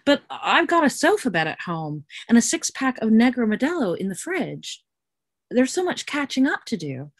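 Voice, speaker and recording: A man's voice: extremely high pitch, very animated, moderate pace, no room sound, clean studio sound, pitched above the performer's own voice, exaggerated voice. A woman reading a poem aloud, voicing a young man at a hotel desk who talks in an easy, casual way. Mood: breezy. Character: young man hotel clerk, boyish, breezy.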